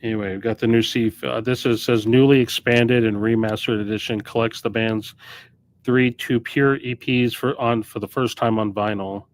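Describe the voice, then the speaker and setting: Casually chatting on a live stream, a man who owns a record store runs through the new arrivals, rambling and fixing his sentences as he goes. He speaks at a medium pitch with fairly even intonation and a moderate pace.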